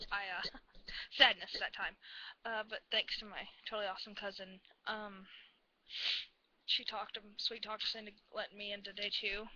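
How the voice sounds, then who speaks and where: Bright, excitable woman rambling on camera. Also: mid-range voice, highs cut off. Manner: rambling, gushing, excitable fan. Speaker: vlogger. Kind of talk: casual storytelling vlog.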